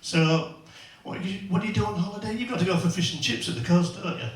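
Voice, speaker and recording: A man's voice: sits high, quick pace. A man doing stand-up, telling crude rambling family stories full of tag questions. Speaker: stand-up comedian. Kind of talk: stand-up comedy routine. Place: comedy club stage. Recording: echoey venue, mic far off.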